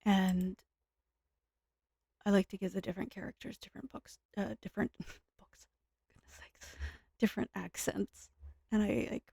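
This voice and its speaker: Give me a tired woman drifting through casual game commentary in a soft, mellow voice, with quiet self-deprecating asides. A gravelly fry runs under her words, and her tone has a husky edge. She rambles at an easy pace. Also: medium pitch, fairly even intonation, moderate pace, long pauses, dry recording, studio quality. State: tired, speaking softer and lower. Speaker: gaming streamer.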